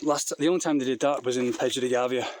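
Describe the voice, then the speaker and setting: A man's voice: mid-range voice, fairly even intonation, quick pace. A man talking into a handheld phone while hiking an outdoor trail, rambling and out of breath. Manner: rambling, blunt, talking while walking uphill. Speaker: vlogger. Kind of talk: casual vlog while hiking. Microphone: phone held in hand. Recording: noisy outdoor phone recording.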